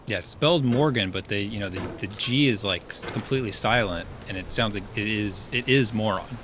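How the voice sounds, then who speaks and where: Male streamer, casual rambling chatter full of fillers, low-ish voice. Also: fairly quick, noisy background. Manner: rambling, chatty, laughs often, many fillers. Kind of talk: casual chat while streaming a game.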